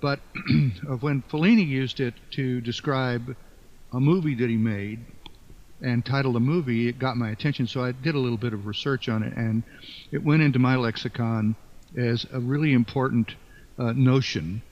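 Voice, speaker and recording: An older man being interviewed as an author, speaking in a halting, thoughtful way with many fillers and restarts. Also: mid-range voice, fairly even intonation. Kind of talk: reflective interview talk. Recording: dull lo-fi sound.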